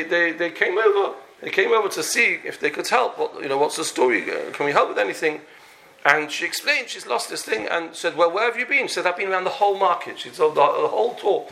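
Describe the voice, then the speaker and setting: A man's voice: a little high, vocal fry, pushed and bright, slight background noise. A man telling a long story in a Torah lecture, acting out the characters and sprinkling in Yiddish and Hebrew terms. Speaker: Torah teacher.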